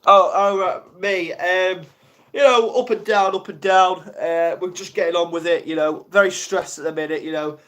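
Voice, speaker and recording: A man's voice: sits high, fairly even intonation, moderate pace, fairly bright tone. A young man from the UK chatting casually on a live stream, flustered and rambling, mocking himself as he goes. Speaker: ASMR livestreamer.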